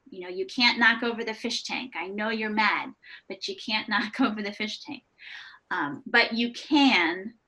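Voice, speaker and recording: A woman giving an online workshop to early childhood educators, chatting in a warm, conversational way with frequent restarts and light laughs over a video call microphone. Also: medium pitch. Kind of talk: live online presentation.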